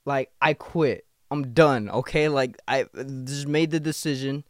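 A man's voice: mid-range voice, unhurried, few pauses, no echo, studio quality. Irritated, rambling young man podcasting. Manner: rambling, profane, restless and agitated. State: tired after a night shift. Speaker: podcast host. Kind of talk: casual solo podcast monologue.

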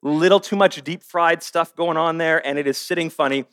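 A high-pitched man preaching a sermon to a live church congregation. He banters with the room, then drops into earnest preaching that moves between hushed and forceful. The sound is dry and close, with little room echo. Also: steady tone, moderate pace, clear, resonant tone. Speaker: guest speaker. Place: church service with a live audience.

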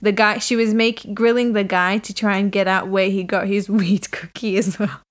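A woman's voice: mid-range voice, steady tone, moderate pace. A woman in casual chat, telling stories with eager gasps. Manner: enthusiastic, gasping storyteller.

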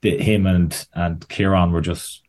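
Low-voiced Irish man, rambling chat. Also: fairly even intonation, unhurried, a little mellow. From Ireland. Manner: rambling, self-correcting, frequent "kind of" and "like". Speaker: writer and director, guest. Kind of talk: casual interview chat.

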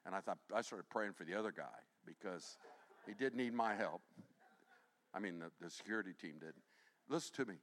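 A man preaching a sermon as pastor, animated and humorous, interrupting himself and swinging from quiet asides to near shouting. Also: low-pitched, brisk. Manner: self-interrupting with restarts and humor.

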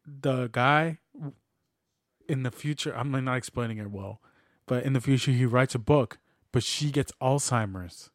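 A man's voice: medium pitch, unhurried, no echo, studio quality. A man in casual podcast chat, retelling a film plot with restarts and acted-out dialogue. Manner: rambling storyteller, many restarts and acted-out dialogue. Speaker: podcast co-host.

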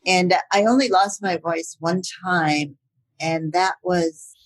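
A woman's voice: on the low side, steady tone, takes it slowly. An older woman voice actor chatting as an interview guest, laughing often and using many fillers. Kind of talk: casual interview chat.

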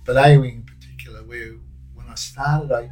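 A man's voice: mid-range voice, steady tone, brisk, darkish tone, soft background music, rough recording. An older man with an Australian accent, a former prison officer telling rambling, slang-filled stories in a casual interview. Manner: rambling, anecdotal, with slang and restarts.

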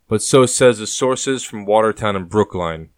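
Man doing a calm, scarred rebel fighter. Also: moderate pace, smooth, no room sound, studio quality, lightly acted. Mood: matter-of-fact. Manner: deep calm undertone.

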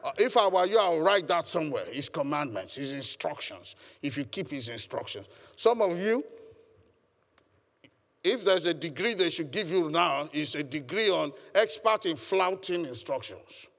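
A man's voice: on the high side, sing-song, normal speed, a bit bright, in a large hall. A man preaching a sermon as pastor, emphatic and calling on the congregation to respond. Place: church hall.

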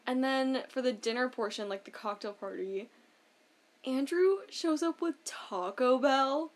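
A woman with a slightly high voice chats casually on a podcast. She fills her talk with "like" and laughs often while recapping a show with her co-host. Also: measured pace. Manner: chatty, lots of "like", laughs often.

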